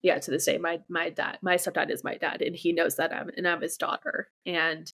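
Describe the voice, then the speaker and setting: A woman's voice: on the low side, little pitch movement, moderate pace, a bit bright. A young woman giving a candid interview about her own life. She talks bluntly, swears freely and often stops to restart her sentences. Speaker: interview guest. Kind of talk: candid personal storytelling interview.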